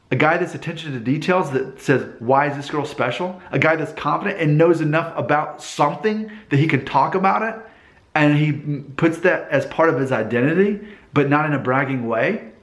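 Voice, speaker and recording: A man's voice: fairly high pitch, lively intonation, a little fast. A man giving unscripted advice to the camera, talking earnestly in a rambling way and often restarting his sentences. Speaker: vlogger giving dating advice. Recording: roomy echoey room.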